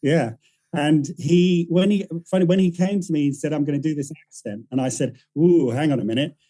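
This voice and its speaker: A man's voice: on the high side, fairly quick, dark tone, rough recording. A man, a writer-director guest on a podcast, telling a story in a rambling, self-correcting way and acting out the voices of the people he quotes. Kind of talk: casual podcast interview.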